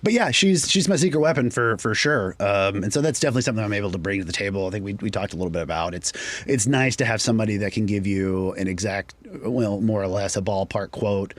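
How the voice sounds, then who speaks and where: A man's voice: lowish voice, fast talker, hardly any pauses. A man in his forties from the US South, a real estate agent speaking in a Chicago accent with a faint Southern trace, hesitant and full of fillers in a casual radio interview. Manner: hesitant, many fillers and restarts. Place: radio studio. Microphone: studio mic.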